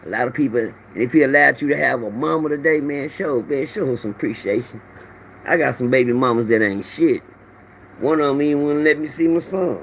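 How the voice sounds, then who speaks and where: A man's voice: medium pitch, fairly quick, gravelly, a little hiss or hum. A middle-aged man hosting a casual livestream, greeting viewers by name and telling loose, profane stories into his phone. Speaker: livestream host. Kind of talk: casual rambling livestream talk.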